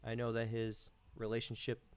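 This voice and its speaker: A man hosting a casual live stream, talking in a relaxed, rambling way with lots of fillers, from home. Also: mid-range voice, normal speed, clear, resonant tone.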